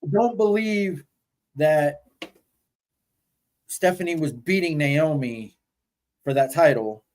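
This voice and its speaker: A man's voice: on the high side, slow, darkish tone, low-quality recording. A man co-hosting a podcast, telling stories animatedly and swearing casually. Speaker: podcast co-host. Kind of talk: casual chat.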